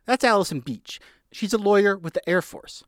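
A male radio reporter narrates a scripted feature, his pitch moving a lot and sitting slightly high. The recording is close and dry. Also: expressive, moderate pace, no room sound.

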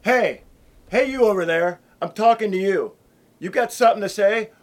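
A man's voice: high voice, normal speed, lightly acted. A man playing a brash wrestler who taunts and challenges the people watching him. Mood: taunting. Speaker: professional wrestler in an art video. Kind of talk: trash talk to an audience.

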